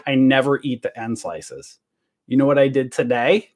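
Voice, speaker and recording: A man's voice: medium pitch, fairly even intonation, moderate pace, a little mellow. Chatty man ranting on a home livestream. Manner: chatty and joking, asks the audience rhetorical questions. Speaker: livestream host. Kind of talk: casual rambling livestream rant. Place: home, in self-quarantine.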